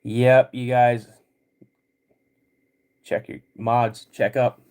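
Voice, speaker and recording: Middle-aged male host, unhurried, rambling delivery, tail end of a cold with frequent throat clearing. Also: mid-range voice, level tone, darkish tone. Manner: laid-back and rambling, greets chat viewers between stories. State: getting over a cold. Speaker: podcast host. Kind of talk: casual livestream chat.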